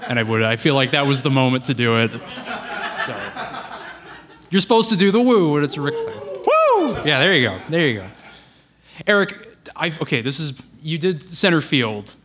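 A man's voice: mid-range voice, expressive, normal speed, a crowd in the background. A man chatting casually on stage before his set, rambling and playful with plenty of restarts. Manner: rambling, self-interrupting, playful. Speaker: writer and guest performer. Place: live venue with audience.

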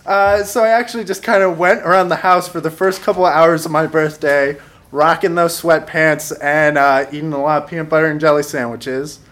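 A man's voice: a little high, fairly even intonation, brisk, a bit bright. A young man telling a funny personal story on stage, wry and self-mocking, chuckling as he goes. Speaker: storyteller at a live show. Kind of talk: live comic storytelling.

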